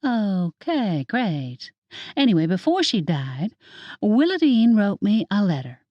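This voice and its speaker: A woman's voice: mid-range voice, big pitch swings, slow, no room sound, dull audio. Earnest young heroine, voiced by a woman.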